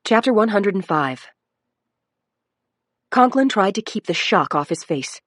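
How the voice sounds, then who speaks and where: A woman's voice: medium pitch, expressive, unhurried, no room sound, studio quality. A woman reading a crime audiobook in a dramatic narration style. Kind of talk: scripted narration.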